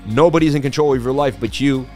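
A man's voice: medium pitch, fast talker, dark tone. Male livestream host, casual and chatty, mid-range voice, faint background music. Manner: chatty, reads viewer comments aloud. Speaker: crypto market livestream host.

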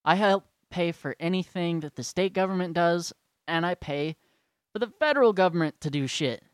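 Man, vlogger, sarcastic rant, heavy swearing, rambling, smooth clear voice, dry sound. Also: high voice, normal speed, no echo. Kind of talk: profane rant to camera.

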